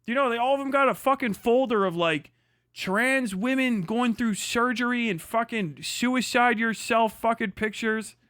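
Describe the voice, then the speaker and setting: A man's voice: very high-pitched, moderate pace, fairly bright tone, dry recording, clean studio sound. A man hosting a livestream, ranting casually, swearing a lot and laughing as he mocks his critics. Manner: profane, mocking, laughing often, puts on prissy voices to mock critics. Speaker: livestream host.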